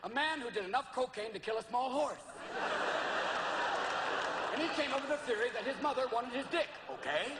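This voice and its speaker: Hoarse guy doing wild standup, super high and all over the place, loud crowd in a big echoey room. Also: animated, brisk, long pauses. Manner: manic, shouting, jumps into voices. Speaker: stand-up comedian. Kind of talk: stand-up comedy routine. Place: live comedy venue with audience. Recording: roomy live recording with loud crowd. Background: loud crowd noise and laughter.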